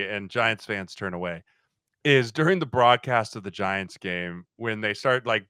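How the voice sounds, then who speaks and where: Man, thirties, casual sports chat, animated storytelling, close dry sound. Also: medium pitch, clear, resonant tone, no echo. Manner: animated storyteller who acts out quotes and laughs often. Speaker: podcast guest, former football lineman.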